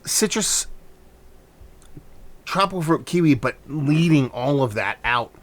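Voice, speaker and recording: A man's voice: on the high side, expressive, slow pace. A man casually reviewing a hazy beer on his vlog, talking loosely with rambling asides and frequent swearing.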